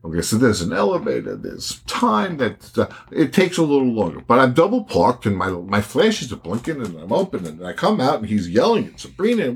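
Animated, swearing New man. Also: medium pitch, a little fast, vocal fry, hardly any pauses. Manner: animated, profane storytelling. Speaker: podcast co-host. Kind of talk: casual chat.

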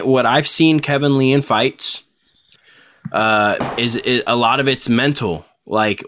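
A man's voice: medium pitch, fairly bright tone. A young man co-hosting a casual podcast chat, laid-back and swearing a lot, often trailing off mid-sentence. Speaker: co-host.

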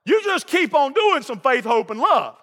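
A pastor preaches in a high, bright, forceful voice, folksy and emphatic. His words ring out with a long reverb through a church sanctuary. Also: big pitch swings, normal speed. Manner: folksy, emphatic preaching with call-and-response asides. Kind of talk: sermon.

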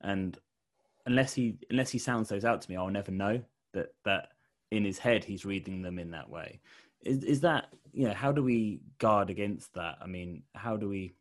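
A man's voice: fairly low pitch, moderate pace. A middle-aged man with a Portsmouth accent interviewing a guest, asking hesitant, self-correcting questions. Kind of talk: conversational interview.

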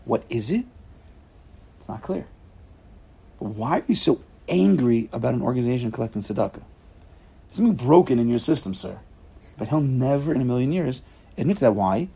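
Gravelly man teaching an informal class. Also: mid-range voice, fairly quick, long pauses. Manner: animated, acts out quotes with sudden loud rises.

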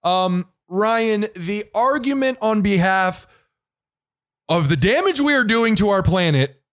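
A man co-hosting a podcast in casual chat, animated, laughing often and restarting his sentences. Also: high voice, slow. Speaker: podcast co-host.

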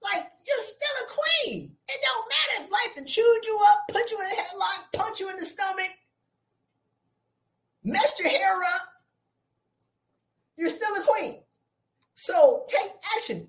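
Animated high-voiced woman preaching self-worth. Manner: passionate, preacherly, exclaiming. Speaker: podcast host. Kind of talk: motivational talk.

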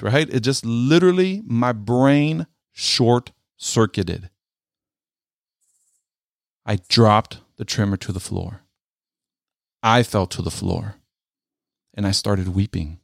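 A middle-aged military veteran tells a personal story earnestly, speaking haltingly and often repeating his words. His voice is mid-range, and the studio-quality recording has no room sound.

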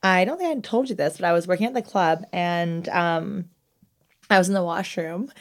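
A woman's voice: fairly low pitch, moderate pace. Chatty young woman swearing casually. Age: young adult. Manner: chatty storyteller, laughs often, swears casually. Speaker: podcast co-host. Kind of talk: casual chat.

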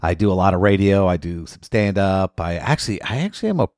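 A man's voice: sits low, fast, no echo, clean studio sound. A man who is a lawyer and comedian, guesting on a podcast, telling funny stories and acting out other people's voices. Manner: animated, acts out quoted voices. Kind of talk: comic storytelling in casual chat. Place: studio.

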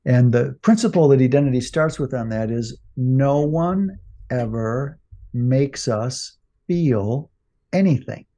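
A man's voice: medium pitch, takes it slowly, warm tone. A man co-hosting a podcast, talking casually with many fillers and restarts. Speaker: podcast co-host.

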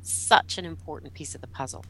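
A middle-aged woman guest who teaches about relationships, telling a personal story in an animated way, laughing and acting out what people said. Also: deep voice, a little fast, poor audio. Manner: animated, laughing, acts out quotes. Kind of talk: storytelling in a podcast interview.

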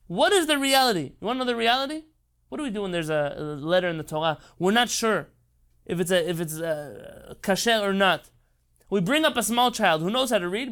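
A man's voice: high voice, fairly bright tone, clear, resonant tone. A man giving an impassioned Torah lecture, emphatic and rhetorical. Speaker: rabbi.

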